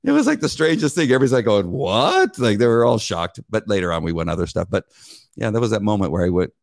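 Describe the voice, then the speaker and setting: A middle-aged man co-hosting a casual chat, telling animated stories, acting out voices and laughing often. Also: lowish voice, quick pace, gravelly, no room sound, studio quality. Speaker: podcast co-host.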